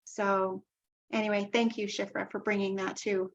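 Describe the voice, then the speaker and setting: A woman's voice: medium pitch, little pitch movement, moderate pace, slight background noise. A woman hosting an online group call, talking casually and repeating loving affirmations. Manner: warm-hearted, repeats herself, loving affirmations. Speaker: call host. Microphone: video call. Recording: dull lo-fi video call audio.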